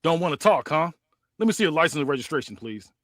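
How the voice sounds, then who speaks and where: A man's voice: on the high side, expressive, fast talker, fairly bright tone, no echo, clean studio sound. A man voicing a confident male traffic cop giving orders to a driver. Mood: stern. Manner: commanding, impatient.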